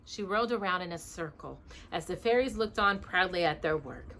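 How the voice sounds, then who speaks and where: A woman reading a storybook aloud to her child in an expressive way, pausing to ask her questions. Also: lowish voice.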